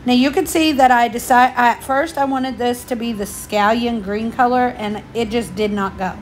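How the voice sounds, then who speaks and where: Speaking at a moderate pace in a steady, slightly high voice, a woman walks through a craft tutorial for her channel step by step. She's a bit out of breath but chatty and homey, and there's a touch of background noise.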